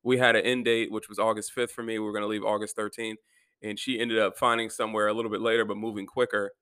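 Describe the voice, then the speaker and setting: A man's voice: on the low side, level tone, fast, a bit bright, clean tone, no room sound. A young man venting in a rambling, profane personal monologue about his life. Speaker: vlogger.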